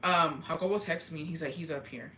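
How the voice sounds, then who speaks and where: A young woman vlogger telling a casual storytime gossip tale, animated and profane, acting out the dialogue she quotes. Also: sits low, a little fast.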